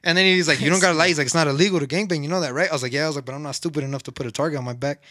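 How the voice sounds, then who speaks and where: A man's voice: fairly high pitch, racing, pushed and bright, no echo, clean studio sound. A young man casually telling a long, rambling, profane story on a podcast, laughing now and then. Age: young adult.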